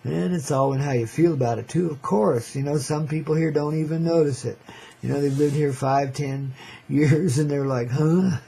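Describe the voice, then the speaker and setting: An older man hosting his own radio show, rambling along in a laid-back hippie drawl. His voice is gravelly, husky and mellow. He says "man" every few lines and keeps breaking into chuckles. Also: a little high, steady tone, normal speed. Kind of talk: rambling casual radio monologue.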